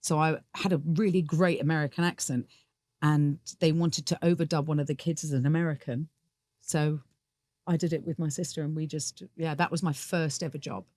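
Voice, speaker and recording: A woman's voice: sits low, steady tone, normal speed, a little mellow, dry recording, clean studio sound. A middle-aged woman, a musical theatre actress, talking candidly and laughing easily in a podcast interview. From England.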